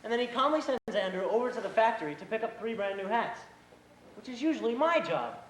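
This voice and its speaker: A man's voice: high voice, fast talker. A young man acting an earnest, hot-headed eighteen-year-old brother in a school stage play, telling a story animatedly. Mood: indignant storytelling. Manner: animated storytelling, mimics his boss. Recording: echoey auditorium, faint hiss.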